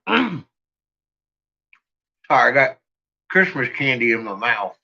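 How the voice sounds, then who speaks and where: A man's voice: mid-range voice, sing-song, takes it slowly, vocal fry, bright, forceful tone, husky, dull audio. A man chatting casually with viewers, rambling, swearing freely and laughing often.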